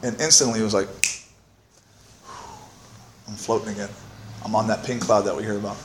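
Speaking into a podium microphone in a meeting room, a man shares his own recovery story with blunt honesty, poking fun at himself, cursing freely, and frequently ending points with "right?" His voice sits on the low side, steady and a little fast. The sound is reverberant with background noise.

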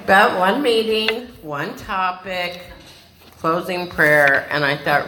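Animated woman telling a dramatic story. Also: fairly low pitch, slow, crowd noise. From California. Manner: animated, dramatic storyteller who acts out quoted voices. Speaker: speaker sharing a recovery story. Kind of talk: personal storytelling to a group. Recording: echoey room with background noise.

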